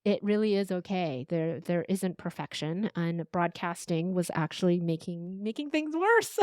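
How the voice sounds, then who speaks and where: Guesting on a conversational interview, a forties-aged podcast strategist and voice coach speaks in a fairly low voice at moderate speed. Her storytelling is animated, complete with acted-out voices, captured in a dry, studio-quality recording.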